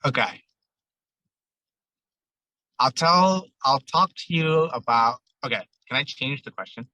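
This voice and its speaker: A man with a bright, crisp voice tells a story from his shop as a podcast guest. He rambles and acts out old conversations, and the sound is dry and close. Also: medium pitch, animated, takes it slowly, dry recording, rough recording. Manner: rambling, retells dialogue with many "I'm like". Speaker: ramen shop owner, guest. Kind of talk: casual storytelling interview.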